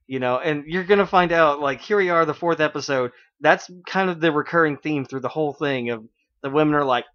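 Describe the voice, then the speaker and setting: Man, radio show host, casual anime recap, rambling with fillers, slightly high voice, muffled lo-fi sound. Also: moderate pace, fairly bright tone. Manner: chatty retelling with many fillers. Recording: dull lo-fi internet radio stream.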